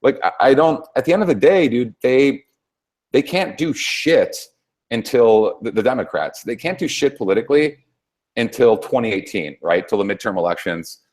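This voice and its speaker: Foul-mouthed ranting man, lively pitch. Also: normal speed. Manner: swears constantly, heated and rambling with restarts. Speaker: co-host. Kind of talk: profane political rant.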